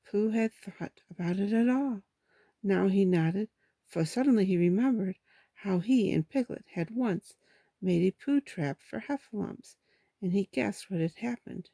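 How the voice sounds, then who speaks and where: A woman reading a children's storybook aloud in a steady, gentle way, with small slips. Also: mid-range voice, measured pace, dry recording.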